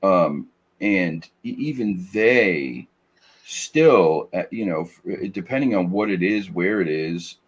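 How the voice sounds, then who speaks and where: A man rants in a casual podcast conversation, stopping and restarting his sentences often. His voice is fairly low and husky. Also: lively intonation. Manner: ranting, halting restarts. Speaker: podcast co-host. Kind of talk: casual chat.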